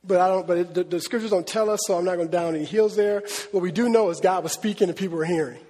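A man preaching a sermon in an animated, conversational way, laughing and acting out quotes. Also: sits high, fast talker, slightly rough, long reverb tail. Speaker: pastor.

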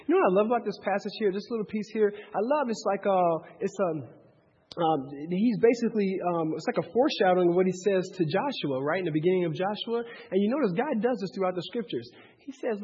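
Male pastor, high husky voice, animated conversational preaching; muffled lo-fi capture, long church reverb. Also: fast talker. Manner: direct, animated, checks in with listeners. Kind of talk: conversational sermon. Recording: dull lo-fi sound with long hall reverb.

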